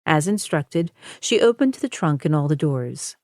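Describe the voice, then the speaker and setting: A woman narrates an audiobook with a low, slow and measured voice. Her tone is dark and mellow, and the dry studio sound has no room echo. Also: sing-song. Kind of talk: scripted narration.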